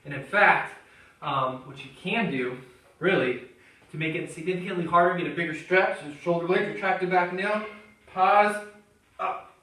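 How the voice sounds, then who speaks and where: In a very echoey gym recorded from far away, a man with a bright, high-leaning voice walks viewers through chest dips. The fitness trainer sounds a little breathless while coaching and encouraging throughout the demonstration.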